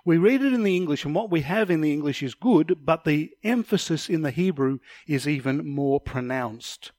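A man's voice: a little high, lively intonation, normal speed, darkish tone, no room sound, studio quality. A man teaching a Bible study lesson, explaining passages step by step and referring to slides, sometimes stumbling over a word.

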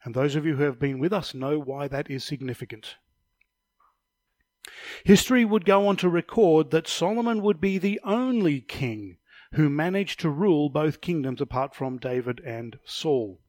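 A man with a fairly high voice teaches a Bible study lesson in a dry, close recording. He explains each passage step by step, points to slides as he goes, and now and then trips over a word. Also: darkish tone, no echo. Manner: explanatory, with slide references and occasional stumbles.

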